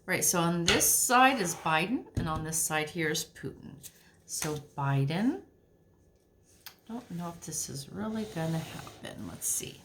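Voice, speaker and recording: A woman giving a casual tarot reading to camera in a chatty, animated way. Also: fairly low pitch, measured pace, noisy background. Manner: chatty, animated, drops to near-whisper while shuffling. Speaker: tarot reader.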